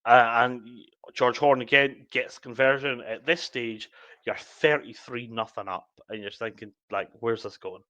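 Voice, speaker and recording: A man's voice: mid-range voice, steady tone, measured pace, sharp tone, no echo. A man, co-hosting a casual podcast and walking through match moments step by step. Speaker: podcast co-host. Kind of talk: casual sports chat.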